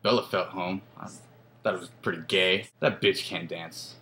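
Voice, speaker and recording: A man's voice: low-pitched, fairly even intonation, moderate pace, pushed and bright. A man playing a cocky young male vampire boyfriend, boasting in crude slang in a comedic parody monologue.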